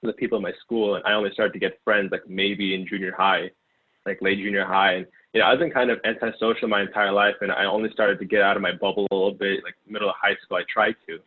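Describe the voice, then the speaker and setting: Man in his twenties, from Ukraine, rapid rambling talk, husky voice, thin phone-like sound. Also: on the low side, level tone. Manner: rambling, many fillers and restarts. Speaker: guest, former sales intern. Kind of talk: casual interview storytelling. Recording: tinny phone-like line.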